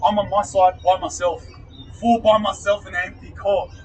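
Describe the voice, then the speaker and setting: A man's voice: high-pitched, flat delivery, moderate pace, darkish tone, recorded from a distance, a little hiss or hum, low-quality recording. A man with an Australian accent casually telling a rambling story, swearing and laughing at himself.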